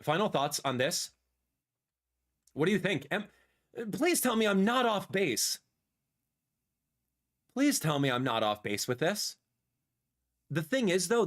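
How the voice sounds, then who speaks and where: A man in his thirties reacting live on a stream, excitable and animated, repeating himself as he talks, sometimes dropping to a soft murmur. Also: a little high. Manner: drops to a soft murmur when talking to his cat. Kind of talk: livestream reaction commentary.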